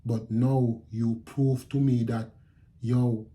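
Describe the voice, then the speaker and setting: A middle-aged Jamaican man telling his viewers a story in a casual, animated way, repeating phrases and acting out what people said. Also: mid-range voice, slow. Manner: animated retelling with repeated phrases and quoted speech. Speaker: channel host telling a story.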